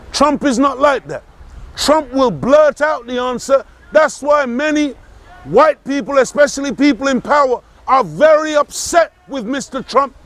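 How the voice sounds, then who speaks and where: A man giving an impassioned political talk, forceful and emphatic, repeating key phrases and rising to shouts. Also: very high-pitched. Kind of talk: impassioned speech.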